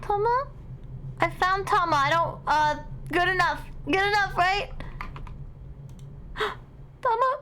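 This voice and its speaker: A young woman streaming a game live, excitable and dramatic, reacting out loud and swearing freely. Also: very high-pitched, unhurried, pauses often, a little hiss or hum. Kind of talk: live gameplay commentary.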